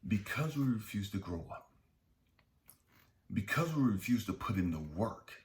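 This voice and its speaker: A man's voice: fairly low pitch, sing-song, a little slow, slight background noise. A man hosting a self-help channel, giving a blunt, heavily profane, preachy motivational monologue.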